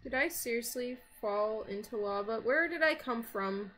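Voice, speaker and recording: A woman's voice: a little high, normal speed, fairly bright tone, slight background noise. A woman narrating her own gameplay in casual let's-play commentary, chatting to herself, grumbling and easily startled. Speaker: gaming video creator.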